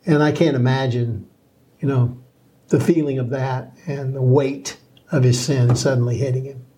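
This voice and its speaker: A man's voice: medium pitch, steady tone, normal speed, mellow, a little hiss or hum. A man talking earnestly and reflectively about scripture in a casual co-hosted discussion, with plenty of fillers. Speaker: Bible study co-host.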